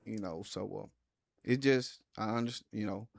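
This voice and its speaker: A man with a low, gravelly voice talks politics on a casual stream. He speaks haltingly, feeling his way through each point with pauses and restarts. The sound is dry and close. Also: no echo. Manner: halting, many fillers and restarts, measured. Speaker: co-host. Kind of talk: casual political talk show.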